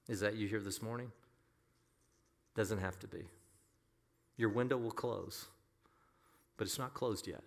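A man preaching from the pulpit in a bright, forceful voice. He drives his points home earnestly and emphatically, sometimes repeating a phrase to press it. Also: mid-range voice. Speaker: pastor. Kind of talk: sermon.

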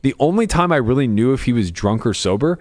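A man's voice: mid-range voice, lively intonation, fast talker, darkish tone. Young man telling a poker story. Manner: swears freely, acts out both sides of a story. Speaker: podcast co-host.

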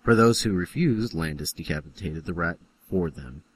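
A man's voice: low voice, moderate pace, slight background noise. A man co-hosting a casual podcast, reading an article aloud and adding dry jokes. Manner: reads aloud with dry jokes and sudden laughs.

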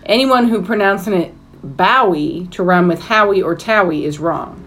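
A woman co-hosting a movie podcast, making quick wry comments and arguing over details. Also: mid-range voice, fairly bright tone, faint music behind. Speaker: podcast co-host. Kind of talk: casual movie chat.

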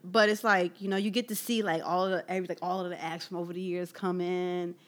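A woman co-hosting a casual music chat, telling stories with animated laughs. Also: lowish voice, fast talker. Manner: animated storytelling with loud laughs. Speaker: podcast co-host.

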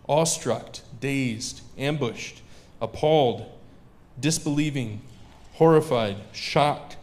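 Man preaching casually to a crowd. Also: mid-range voice. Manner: conversational, joking asides with the audience. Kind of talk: sermon. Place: live venue with audience.

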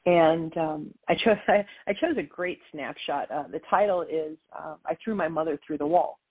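A woman guest telling a lively story about her life in an interview, acting out the voices of others as she goes. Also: deep voice, normal speed, breathy edge. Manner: animated storyteller, quotes voices. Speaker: author and guest. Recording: tinny phone line.

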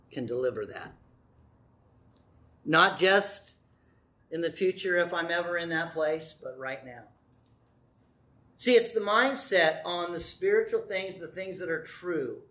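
Preacher guy w a high voice, goes loud then real quiet, dramatic. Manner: emphatic, dramatic swings between loud and hushed. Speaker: pastor. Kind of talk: sermon.

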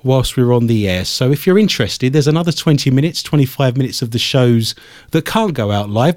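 In a studio, a man hosts a radio show, spinning rambling stories with a dry, joking edge in casual banter. His voice sits at an ordinary male pitch with a darkish tone. The sound is close and dry, with almost no room and no echo.

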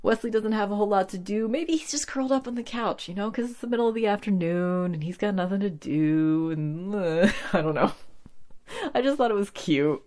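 A woman in her late thirties from the Midwest, chatting casually about a TV show in a rambling way, full of "like" and quick giggles. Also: medium pitch, a little mellow. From American Midwest. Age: 30s. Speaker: TV show recapper. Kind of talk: casual chat.

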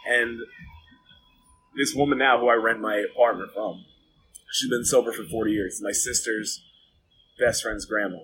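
A man's voice: fairly low pitch, moderate pace, pauses often, pushed and bright, slight background noise, rough recording. A man being interviewed, telling his own story in a blunt, profane, rambling way with lots of filler words. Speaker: interview guest. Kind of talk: candid storytelling about jail and addiction.

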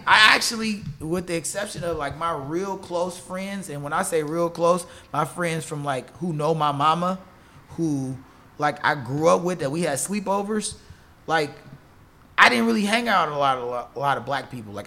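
Man, forties, gym owner, bright voice, animated and laughing. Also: a little high, moderate pace, creaky. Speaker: gym owner and Muay Thai trainer. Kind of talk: podcast guest storytelling.

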